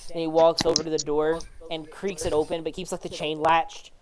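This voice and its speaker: A woman's voice: low voice, flat delivery, a little fast, a crowd in the background. A woman narrating as game master in a casual, filler-heavy way.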